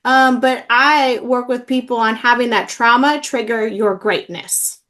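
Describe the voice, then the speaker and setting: A middle-aged woman talks in an interview, earnest and unhurried, with plenty of small fillers. Her voice sits a little high for a woman. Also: steady tone, fairly bright tone. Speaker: emotional healing practitioner. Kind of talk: interview, personal story.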